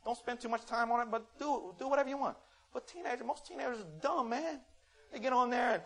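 A man preaching a sermon, swinging from loud scolding to quiet, earnest testimony and acting out little dialogues in quick voices. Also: very high voice, expressive.

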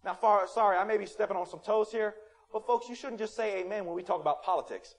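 A man preaching a sermon in a church, animated and playful, acting out quotes and rising to loud emphasis. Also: high voice, fast talker. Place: church sanctuary.

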